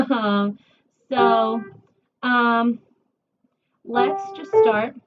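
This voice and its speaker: A woman voice teacher giving a one-on-one singing lesson, chatty and encouraging, her voice a little rough from a recent cold. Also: fairly high pitch, fairly even intonation, drawn-out words. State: recovering from a cold. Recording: distant, dull camera audio with faint hiss.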